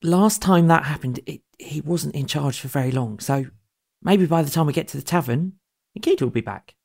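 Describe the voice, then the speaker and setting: A man's voice: on the high side, fairly quick, creaky, darkish tone. A man playing a tabletop game, thinking aloud in a hesitant, planning way. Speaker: player. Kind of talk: casual tabletop play.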